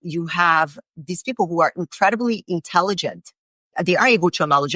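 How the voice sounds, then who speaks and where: A woman hosts a fitness podcast and speaks in an earnest, candid way, now and then with a curse word. Her voice is notably low. The sound is dry and close to the mic. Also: expressive, fast, fairly bright tone, no echo. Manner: earnest, candid, occasional swearing. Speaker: podcast host. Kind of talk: conversational interview.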